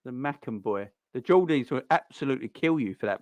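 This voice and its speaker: A man's voice: medium pitch, lively intonation, fairly quick, hardly any pauses, a little mellow, dry recording. A man hosting a live football watchalong stream, chatting casually and rambling between reactions to the play and greetings to viewers.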